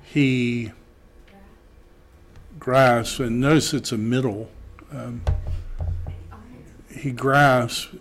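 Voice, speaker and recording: Male teacher, slow and deliberate, working through a Greek text in class. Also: medium pitch, fairly even intonation. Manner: slow, reads Greek aloud then translates. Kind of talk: classroom lecture.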